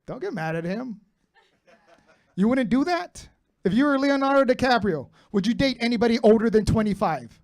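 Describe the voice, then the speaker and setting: Brash, high-voiced comedian in his thirties. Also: very animated, moderate pace. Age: 30s. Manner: brash, profane, crowd-work banter. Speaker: stand-up comedian. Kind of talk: stand-up comedy set. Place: comedy club stage with live audience.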